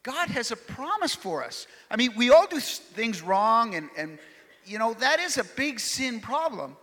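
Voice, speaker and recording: Man doing a quaint old-world shopkeeper, courtly, high, bright and very lively voice, booming hall reverb. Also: a little slow, full character voice. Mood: reassuring. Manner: quaint formal phrasing, earnest reassuring. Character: courtly old-world male shopkeeper, puzzled by modern things. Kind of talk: live church camp skit.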